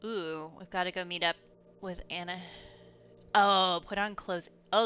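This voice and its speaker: A young woman streaming from home, chatting casually and rambling while she plays a game, quick to laugh. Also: on the low side, fairly even intonation, sharp tone, clear, resonant tone. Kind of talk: casual gaming stream chat. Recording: slightly muffled, faint music behind.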